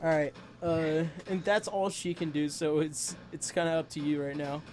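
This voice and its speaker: A woman narrating as game master of a tabletop game, casual and quick to swear at bad rolls. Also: sits low, steady tone, a little mellow, slight background noise. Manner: casual, swears when dice go badly.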